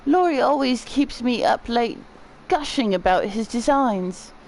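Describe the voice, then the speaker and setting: Woman doing a cheerful caretaker, raised pitch, lively and encouraging, faint noise behind. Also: a little slow, low-quality recording.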